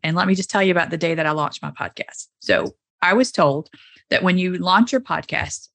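A woman hosting a podcast, chatting casually and telling stories in an animated way. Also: fairly low pitch. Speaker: podcast host. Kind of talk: casual chat.

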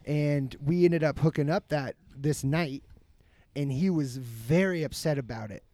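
A man's voice: fairly high pitch, a little slow, dark tone. A young man in casual chat who tells a profane party story, laughing often and acting out the quotes.

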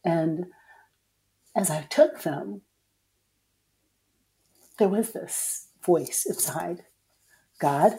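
A woman guest and author telling a personal story frankly and emotionally, cursing at times and swinging between hushed and loud. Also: lowish voice, extremely slow, long pauses.

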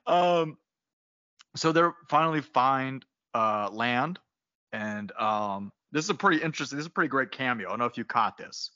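A man with a bright, forceful voice talks through a movie's plot with a friend, laughing often and slipping into quick character voices. The sound is dry and somewhat dull, like a lo-fi recording. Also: medium pitch, lively intonation, no echo. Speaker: podcast co-host. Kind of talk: casual movie recap chat.

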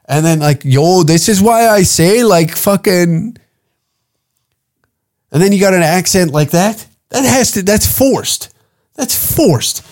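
A man's voice: a little high, a little mellow. A man hosting a podcast, ranting in a profane, mocking, incredulous tone as he reacts to a clip. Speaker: podcast host. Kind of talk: comedic reaction rant.

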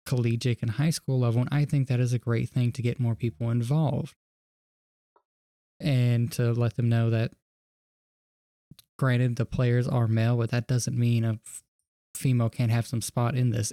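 Swearing guy ranting on a podcast, mellow dark voice, dry sound. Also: medium pitch, fairly even intonation, moderate pace, long pauses, no room sound. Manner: blunt, profane, ranting. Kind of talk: casual chat.

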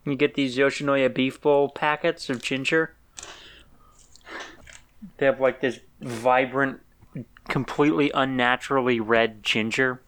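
A man's voice: mid-range voice, fairly even intonation, unhurried, pauses often, fairly bright tone, smooth. A man hosting a casual podcast and teasing his co-hosts in a playful way. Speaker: podcast host.

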